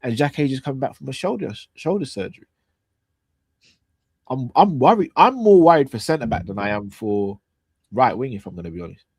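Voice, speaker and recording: A man chatting on a football fan stream. He talks in animated bursts, repeating words and dropping slang. His voice sits mid-pitched and dry, close to the mic with no room sound. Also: brisk, slightly rough, dry recording. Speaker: co-host of a fan talk show. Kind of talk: casual chat.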